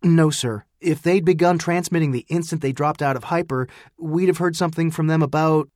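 A man's voice: on the high side, fairly quick, darkish tone, dry recording, studio quality, voice pushed up, close to an everyday voice. A man voicing a tense female starship tactical officer, her voice strained and harsh, giving clipped military reports.

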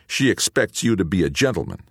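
A man voicing a thick-set, middle-aged father who speaks gruffly and sternly to his son. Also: deep voice, big pitch swings, a little fast, no room sound, studio quality, heavily acted.

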